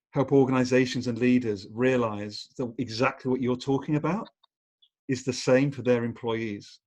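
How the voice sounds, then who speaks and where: A man's voice: medium pitch, darkish tone. A man hosting a podcast interview, reflective and building his points through long lists. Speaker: podcast host. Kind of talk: conversational interview.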